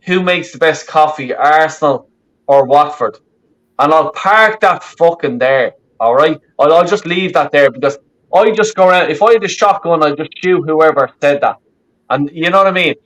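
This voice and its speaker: A man's voice: fairly high pitch, fairly bright tone, low-quality recording. A man with a Dublin Irish accent hosting a live call-in chat, blunt and repetitive, talking over a video call. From west of Ireland. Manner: blunt, swearing, repeats himself. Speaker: host.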